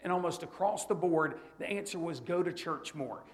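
Middle-aged male preacher, slightly high voice, storytelling sermon moving between hushed and emphatic. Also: moderate pace.

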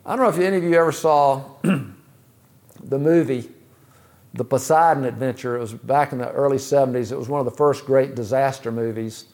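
A man preaching a sermon, asking rhetorical questions in a measured way. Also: medium pitch, a little mellow. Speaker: pastor.

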